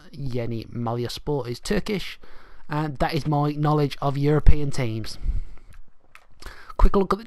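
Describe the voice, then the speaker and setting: A man's voice: medium pitch, clear, resonant tone, no echo. Young man, casual gaming commentary, rambling and chatty, dry close mic. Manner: rambling, chatty, thinking aloud. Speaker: gaming channel host. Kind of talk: casual let's-play commentary.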